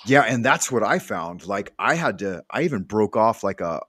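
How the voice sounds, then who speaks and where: Guy with a lowish voice doing a chill home livestream, rambly, curses a bit, dry close sound. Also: big pitch swings, moderate pace, a bit bright, husky, dry recording. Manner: loose and rambling, swears casually. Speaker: livestream host. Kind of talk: casual chat.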